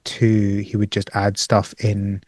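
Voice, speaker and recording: A man co-hosting a casual gaming podcast, excitable, acting out his own reactions. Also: on the low side, takes it slowly, dry recording, studio quality. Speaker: podcast co-host.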